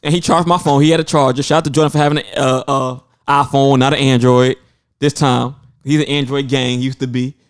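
A young man telling a travel story in casual podcast chat, profane and animated, acting out other people's voices. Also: medium pitch, brisk, clear, resonant tone. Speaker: podcast co-host.

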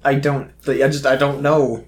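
A man's voice: medium pitch, little pitch movement, moderate pace, slight background noise. A young man in an easygoing podcast chat. He swears often and leans on fillers as he rambles through stories. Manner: loose, swearing, filler-heavy. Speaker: podcast co-host. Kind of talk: casual chat.

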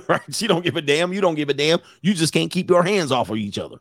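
Higher-voiced man joking through a reaction. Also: animated, brisk, no room sound, clean studio sound. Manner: joking, slangy, laughing asides. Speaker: dating coach. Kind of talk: live reaction commentary.

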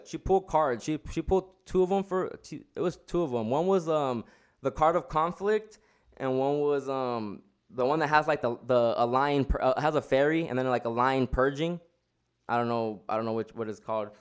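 A man's voice: medium pitch, normal speed, smooth. A man telling a story in casual chat, rambling with lots of slang and restarts.

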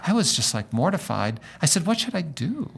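A middle-aged man, a pastor, talking in a relaxed conversation and telling a story, acting out the lines of the people in it. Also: fairly high pitch, brisk, creaky, husky. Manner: animated storyteller acting out dialogue. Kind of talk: conversational storytelling in a podcast interview.

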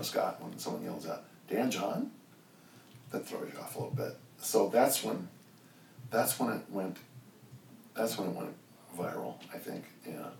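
An older man telling stories in a relaxed, rambling interview, with many restarts. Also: low voice, vocal fry, recorded from a distance, a little hiss or hum. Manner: rambling, lots of restarts and "you know". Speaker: strength coach and guest. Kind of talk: casual interview storytelling. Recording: echoey room, off-mic, faint ambience.

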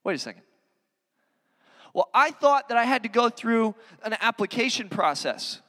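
A man with a strikingly high voice preaches a sermon in a conversational, earnest way, leaning on casual fillers as he talks. His voice rings out with a long reverb, as in a large church hall. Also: big pitch swings, normal speed, bright, forceful tone. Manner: conversational, earnest, many "you know" fillers. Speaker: pastor.

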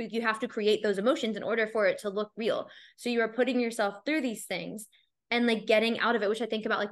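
A woman's voice: mid-range voice, fairly bright tone. Chatty American woman podcast host. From United States. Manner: chatty, many fillers, laughing easily. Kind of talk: casual chat.

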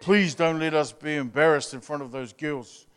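A man doing loud fervent teen boys praying. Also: on the high side, normal speed, clean tone, close to an everyday voice. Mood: pleading. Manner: shouting, repetitive.

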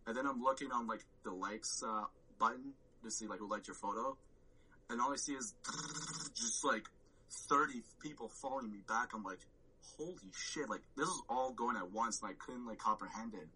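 A man's voice: medium pitch, normal speed, bright, forceful tone, slightly rough, poor audio. A man telling a story on a podcast, rambling with lots of "like" and swearing and acting out his own reactions. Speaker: podcast guest. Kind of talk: casual storytelling chat.

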